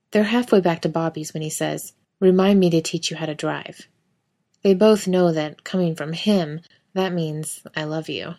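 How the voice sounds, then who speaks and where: A woman reading fan fiction aloud in a soft, even narrating manner, speaking the quoted dialogue gently. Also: lowish voice. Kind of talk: audiobook-style story reading.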